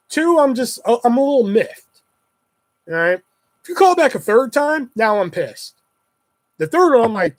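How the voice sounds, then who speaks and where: A young man with a fairly high voice tells his work stories in a loose, profane ramble. He slips in and out of quick voices for callers and coworkers as he goes. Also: big pitch swings. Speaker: pizza shop worker telling stories. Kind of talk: casual profane storytelling.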